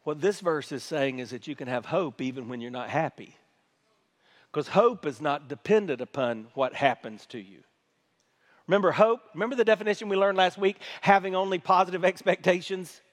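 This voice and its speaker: Male pastor with a high voice, animated sermon delivery that swings from hushed to loud. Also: normal speed.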